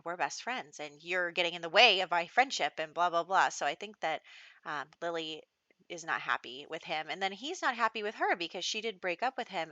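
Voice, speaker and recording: Woman gameplay host, chatty and giggly, low-pitched but bright; dull, dry home recording. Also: no echo. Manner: chatty, laughs often, acts out characters' lines. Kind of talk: casual gameplay commentary.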